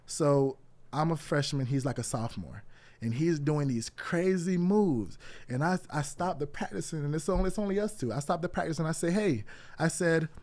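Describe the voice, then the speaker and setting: A man's voice: on the high side, animated, brisk, a little mellow. A young man in his twenties, a wrestling coach telling stories in a casual interview, acting out quoted dialogue with lots of "like" fillers.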